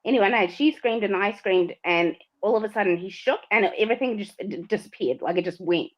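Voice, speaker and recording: A woman's voice: mid-range voice, a little fast. A woman co-hosting a livestream, telling a story animatedly, acting out quotes and laughing often. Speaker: co-host. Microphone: livestream mic. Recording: slightly dull lo-fi sound.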